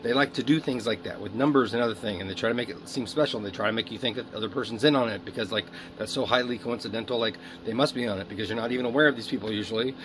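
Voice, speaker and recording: A man's voice: medium pitch, very fast, few pauses. Rambling man in a noisy video diary. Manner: rambling, emotional, swearing. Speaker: video diarist.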